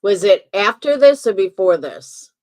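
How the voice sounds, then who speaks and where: A woman's voice: medium pitch, big pitch swings, measured pace, a little mellow. A woman hosting a commentary stream, giving emphatic, opinionated reactions in a casual way. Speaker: commentary channel host.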